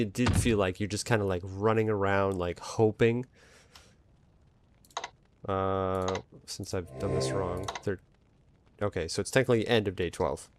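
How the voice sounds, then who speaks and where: A man streaming a video game, giving casual, joking, self-mocking commentary as he plays. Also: lowish voice. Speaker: let's play streamer.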